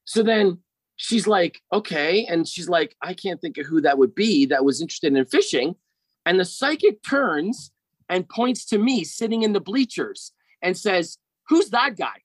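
A middle-aged man telling a personal story in casual conversation, animated and often repeating words as he starts a sentence. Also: high voice, a little slow, slightly rough, no echo, low-quality recording.

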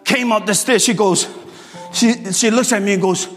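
A man preaching a sermon in a church, telling stories with lively energy and bursts of shouting. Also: high-pitched, normal speed, big-room sound, faint music behind.

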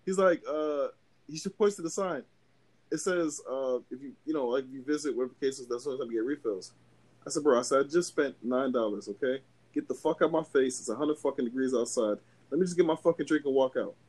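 A man's voice: mid-range voice, fast. A young man on a podcast telling a long story in casual chat, cursing a lot and acting out every voice in it. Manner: animated, profane, acts out both sides of a story. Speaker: podcast co-host.

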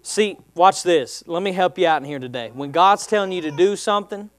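A man's voice: high-pitched, fairly quick, no echo. A man preaching a sermon as pastor, calling out to the congregation and building in intensity. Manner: call-and-response preaching, rising in intensity.

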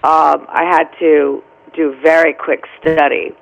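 A middle-aged actress answers an interview question by telling a story, reliving every moment in an animated, expressive way. Her low, slow voice has a gravelly, fry-laced edge, and the audio sounds dull.

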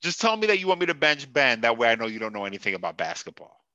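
A man putting on a mocking impression of a gruff, gravelly older basketball coach. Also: medium pitch, sing-song, racing, pushed and bright, no echo, muffled recording, voice pushed down. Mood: dismissive. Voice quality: gravelly, grimy.

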